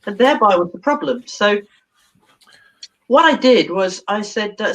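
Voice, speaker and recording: A woman's voice: mid-range voice, moderate pace, rough recording. A woman, a therapist, telling a story animatedly in an interview, acting out voices and laughing often. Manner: expressive, acts out dialogue, laughs often.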